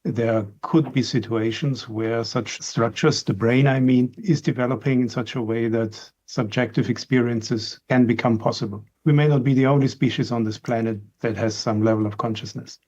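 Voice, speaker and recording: A man's voice: mid-range voice, steady tone, normal speed, few pauses, a little mellow. A man with a mid-range voice explains neuroscience precisely and technically. The sound is a little dull and lo-fi, as if from a remote line. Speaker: scientist guest. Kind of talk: explaining in interview.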